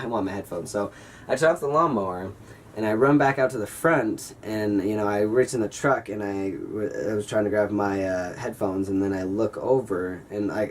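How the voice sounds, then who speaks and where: A young man in his late teens tells a story for his vlog, rambling through fillers and correcting himself as he goes. His voice sits low, and he is a little way off the microphone, with faint ambient hiss behind him. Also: distant mic. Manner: rambling, filler-heavy, frequent self-corrections. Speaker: vlogger.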